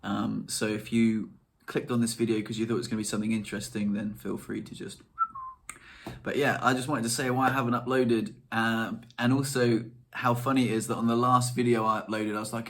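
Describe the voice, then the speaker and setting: A man's voice: medium pitch, level tone, fairly quick, a bit bright. A young man, chatting casually to camera in a rambling, self-deprecating way. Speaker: vlogger.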